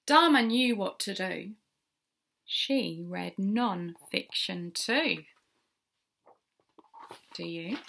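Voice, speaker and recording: Slow, bright-toned woman reading a children's story. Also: medium pitch, expressive, creaky. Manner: sing-song, asks the listener questions. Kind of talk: reading a rhyming picture book aloud.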